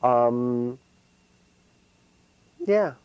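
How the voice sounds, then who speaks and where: A man, a solo performer, answering interview questions in a casual, halting way, full of fillers and restarts. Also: mid-range voice, lively intonation, clear, resonant tone, no echo, dull audio. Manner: hesitant, many fillers and restarts.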